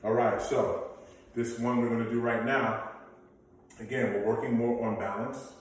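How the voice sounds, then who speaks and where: A man's voice: mid-range voice, little pitch movement, moderate pace, slight background noise. Echoey man coaching a workout. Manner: encouraging, coaching cues and countdowns. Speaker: fitness instructor. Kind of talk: workout instruction with counting. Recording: very echoey room, mic far off.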